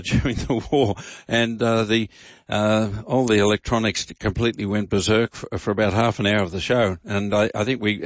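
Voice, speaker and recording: An older man hosts a gardening talkback show, speaking haltingly with many fillers and restarts. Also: mid-range voice, no room sound, highs cut off. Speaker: radio gardening show host. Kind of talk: casual talkback radio chat.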